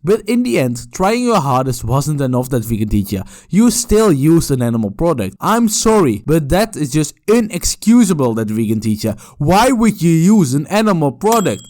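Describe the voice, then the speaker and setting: A man's voice: a little high, very animated, moderate pace, hardly any pauses, darkish tone. A man giving mocking, profane reaction commentary on a video clip. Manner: sarcastic, profane and scornful.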